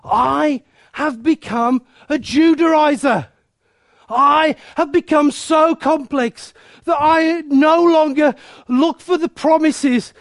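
A man's voice: extremely high pitch, no echo, clean studio sound. A man preaching a passionate sermon, breaking into snatches of sung choruses. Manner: passionate, bursts into snatches of song.

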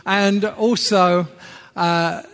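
Northern English male preacher, middle-aged, high voice, chatty asides, echoing church hall. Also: steady tone, very slow, a bit bright, clear, resonant tone. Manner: chatty and self-deprecating, with asides. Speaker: visiting preacher. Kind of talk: sermon. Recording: long hall reverb.

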